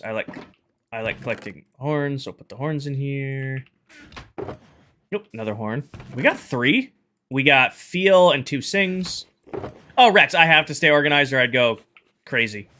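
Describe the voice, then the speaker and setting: Male live streamer, casual thinking-aloud chatter, crisp bright tone, medium pitch. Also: a little hiss or hum. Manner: chatty, thinks aloud and greets chat viewers. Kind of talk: casual live-stream chat while gaming.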